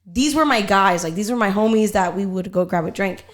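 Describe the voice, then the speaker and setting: A young woman hosting a podcast, telling a family story in a casual, animated way and swearing freely. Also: medium pitch, fairly quick. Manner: animated, profane storyteller, quotes herself and others. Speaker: podcast host.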